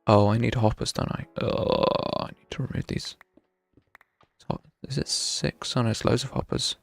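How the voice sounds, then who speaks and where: A man's voice: mid-range voice, steady tone, moderate pace, creaky, soft background music. A young man chatting casually while streaming a game, thinking aloud with wry self-mockery. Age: young adult. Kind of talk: casual live gameplay commentary.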